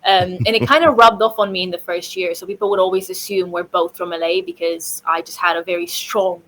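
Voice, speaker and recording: A woman's voice: fairly low pitch, fairly even intonation, a little fast, a bit bright, rough recording. A young woman chatting casually as a podcast guest, with lots of "like" fillers. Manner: chatty, full of fillers like "like", laughs easily. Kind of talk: casual chat.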